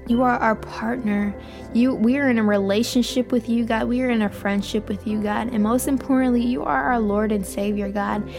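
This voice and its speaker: A woman hosting a faith podcast, giving a heartfelt devotional talk and praying aloud in a soft, fervent voice that sinks to a near-whisper. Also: on the high side, fairly even intonation, normal speed, music in the background. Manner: fervent, heartfelt, with casual fillers; drops to a hushed near-whisper in prayer.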